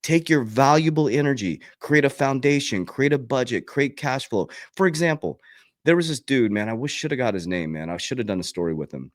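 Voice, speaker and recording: A man's voice: mid-range voice, lively intonation, fairly quick, dry recording, clean studio sound. A man hosting his own channel, giving a passionate, preachy motivational talk to his webcam that swears freely and acts out the people he quotes. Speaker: crypto coach and channel host. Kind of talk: fired-up motivational talk to camera.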